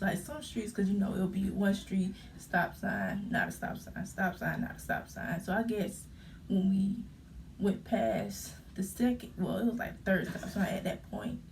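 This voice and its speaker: A young woman retelling a frightening car crash in a casual storytime vlog, halting and full of fillers as she holds back tears. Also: medium pitch, vocal fry, far from the mic, slight background noise. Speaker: vlogger.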